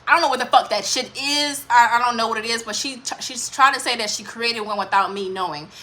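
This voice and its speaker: A woman's voice: fairly high pitch, quick pace, sharp tone. A woman vlogger telling a personal story in a candid, rambling way, with lots of swearing and fillers. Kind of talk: casual storytime monologue.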